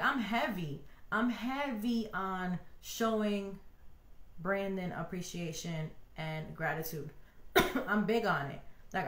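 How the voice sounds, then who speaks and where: A woman in her thirties giving casual, heartfelt marriage advice to other wives, animated and preachy, full of "like" and "you know". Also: lowish voice, reverberant. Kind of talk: casual heartfelt talk to viewers.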